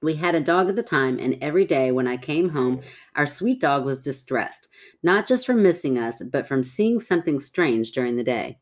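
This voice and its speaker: A woman's voice: low-pitched, expressive, normal speed. A woman co-hosting a podcast, chatting casually and reading listener stories aloud, laughing often. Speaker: podcast co-host.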